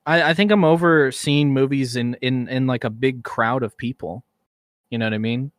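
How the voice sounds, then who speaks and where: This podcast co-host has a medium-pitched voice at a moderate pace, recorded cleanly in a studio without room sound. He talks casually, wandering off with frequent restarts and lots of laughter.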